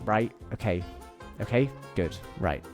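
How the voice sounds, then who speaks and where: A man's voice: fairly low pitch, expressive, a little slow, faint music behind. A young man streaming a game from his bedroom, chatting playfully and rambling to his viewers. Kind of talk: casual chat while gaming. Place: home bedroom.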